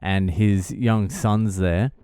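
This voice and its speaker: A man's voice: on the low side, fairly even intonation, slow, warm tone, smooth, no echo, studio quality. A man in his thirties telling a story in a casual, profane and exasperated way. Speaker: vlogger.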